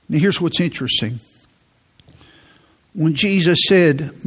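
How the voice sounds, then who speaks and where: A man's voice: fairly high pitch, a little slow, a bit bright, breathy edge. A man preaching a sermon in an earnest way, often repeating words as he goes. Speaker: pastor.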